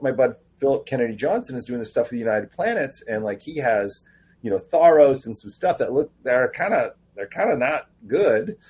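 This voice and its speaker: A man guest on a casual podcast interview, telling animated stories and acting out quoted dialogue. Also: mid-range voice, husky. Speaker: comic book writer guest.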